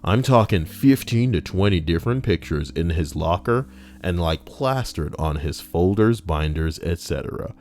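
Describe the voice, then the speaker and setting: Sarcastic man with a low, lively voice. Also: moderate pace, slight background noise. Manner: sarcastic, jokey asides. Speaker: host. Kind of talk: casual commentary reading a list. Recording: faint background music.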